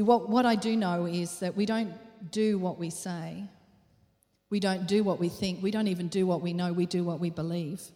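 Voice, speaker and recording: A woman's voice: mid-range voice, warm tone. A woman preaching a sermon in an earnest, questioning way, repeating phrases for emphasis. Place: church hall. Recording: long hall reverb.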